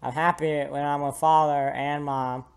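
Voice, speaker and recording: A man's voice: fairly high pitch, flat delivery, normal speed, smooth, close to an everyday voice. A man reading the lines of a little girl pleading with her mother in a game, half-serious.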